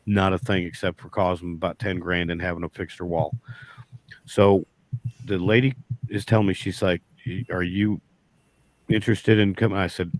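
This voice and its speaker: A very deep-voiced man with a drawl tells a long story in casual chat. His folksy, rambling delivery circles back and restarts often. The sound is dry and close, with no room echo. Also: fairly even intonation, moderate pace. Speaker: beekeeper guest.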